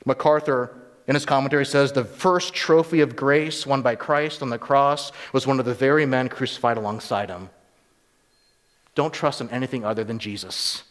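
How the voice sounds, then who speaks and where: A man's voice: a little high, normal speed. Preaching man in a reverberant hall. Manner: earnest preaching, rising emphatic on rhetorical questions. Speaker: pastor. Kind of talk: sermon.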